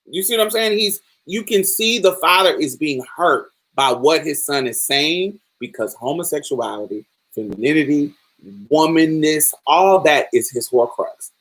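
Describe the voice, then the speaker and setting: A woman's voice: low-pitched, lively intonation, measured pace, slightly rough. A woman podcast host giving casual film commentary, emphatic and profane, acting out the characters' lines as she talks.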